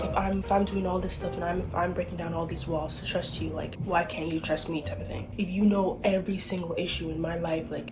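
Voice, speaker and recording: A woman's voice: fairly low pitch, rough recording. Young woman ranting about a book. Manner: animated, chatty, emphatic. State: frog in her throat. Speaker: book video creator. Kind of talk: casual rant to camera.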